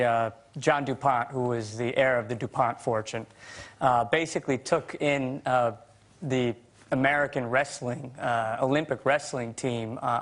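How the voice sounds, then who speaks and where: A man answering a chat show question hesitantly, with many fillers. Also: medium pitch. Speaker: guest actor.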